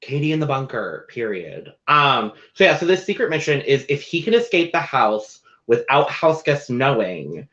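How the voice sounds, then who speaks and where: A man co-hosting a casual recap show, chatty and animated, with playful asides. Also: mid-range voice, moderate pace, few pauses. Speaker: podcast co-host. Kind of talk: casual chat. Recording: dull lo-fi audio.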